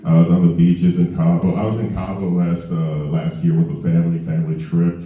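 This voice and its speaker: A man's voice: sits low, flat delivery, a little fast, recorded from a distance, lo-fi sound. Man doing stand-up in a roomy club. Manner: conversational, asks the crowd questions. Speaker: stand-up comedian. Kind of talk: stand-up comedy set. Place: comedy club stage.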